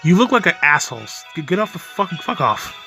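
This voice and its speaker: A man's voice: on the high side, sing-song, fast, gravelly, music in the background. A young man giving angry reaction commentary on a video, ranting profanely and laughing bitterly as he talks.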